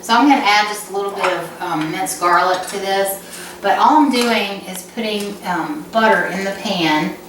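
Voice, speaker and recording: A woman's voice: mid-range voice, moderate pace, fairly bright tone. Woman, Southern accent, chatty home cook, far from the mic, very echoey room, audible noise. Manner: chatty, laughing at her own slips. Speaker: cooking channel host. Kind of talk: casual kitchen vlog bloopers. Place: home kitchen. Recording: echoey kitchen, camera mic from a distance, background noise.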